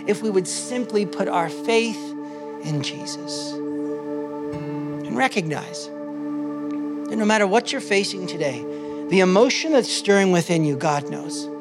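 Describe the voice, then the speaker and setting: Male pastor, passionate sermon delivery with big dynamic swings, very high voice. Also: expressive, takes it slowly, pauses often, music in the background. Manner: passionate preaching, swings from loud to soft.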